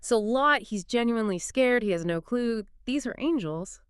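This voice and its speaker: A woman's voice: a little high, lively intonation, normal speed, smooth, dry recording, studio quality. A woman co-hosting a casual podcast discussion, chatty and explanatory, often saying "like" and "you know". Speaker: podcast co-host explaining a lecture.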